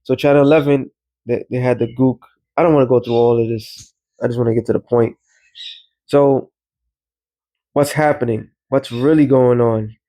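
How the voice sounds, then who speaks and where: A man's voice: medium pitch, steady tone, normal speed, pauses often, dark tone. New guy rambling through a casual commentary vlog, loose street talk. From New York. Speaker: religious commentator.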